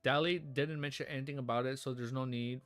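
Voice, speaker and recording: A man reading the lines of a brisk, stern male captain in a novel, in his own plain voice. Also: medium pitch, steady tone, fairly bright tone, close to an everyday voice. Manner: brisk, terse.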